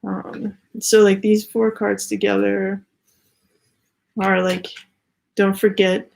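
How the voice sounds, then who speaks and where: A woman's voice: medium pitch, little pitch movement, takes it slowly, creaky, long pauses, a little mellow, slight background noise. A young adult woman giving a casual spiritual tarot reading, rambling with many "like" fillers and slightly out of breath. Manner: rambling, heavy use of "like" fillers. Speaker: tarot card reader.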